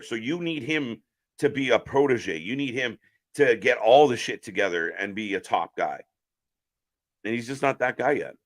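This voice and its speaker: A man hosting a live stream, chatting casually as he calls the action and answers viewer chat. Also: medium pitch. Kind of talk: casual live wrestling watch-along commentary.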